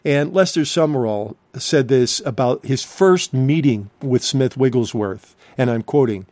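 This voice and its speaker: A man's voice: medium pitch, a little slow, few pauses, darkish tone, no echo. A man preaching a recorded sermon, emphatic and fond of rhetorical questions.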